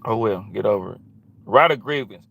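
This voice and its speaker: A man's voice: lowish voice, moderate pace, vocal fry, a bit bright. A man hosting a livestream, talking back to his chat in a confrontational, repetitive and slangy way. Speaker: livestream host.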